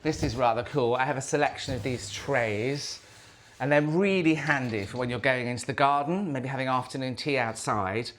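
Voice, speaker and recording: A man's voice: mid-range voice, moderate pace, noisy background. A man chatting casually to camera as a lifestyle vlogger, effusive and chatty, in the kitchen of an old house.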